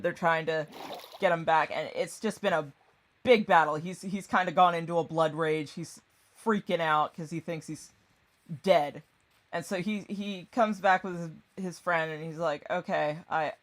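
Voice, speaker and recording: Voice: mid-range voice, fairly bright tone. A channel creator casually retelling a book and film in a loose, rambling way, full of fillers, swearing and laughter, and acting out the characters' lines along the way.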